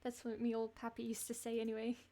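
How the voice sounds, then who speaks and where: Girl doing a salty old sailor guy for a farming game, hearty, pirate-ish drawl, kinda high. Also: monotone, very slow, sharp tone, exaggerated voice. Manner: improvised salty sea-dog accent. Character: weathered old male sailor fisherman, hearty. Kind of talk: reading game dialogue aloud on stream.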